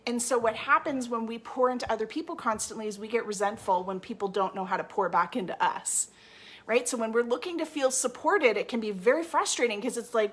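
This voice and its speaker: A woman's voice: on the high side, expressive, brisk, fairly bright tone, breathy edge. A young woman coaching a support group on gut health, talking emphatically and acting out quoted complaints. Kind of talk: motivational talk to a support group.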